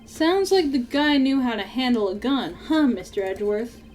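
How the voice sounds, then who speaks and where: A woman voicing a gruff, big-hearted male police detective in a video game, blunt and quick to call people "pal.". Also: a little high, animated, a little mellow, a little hiss or hum, natural voice.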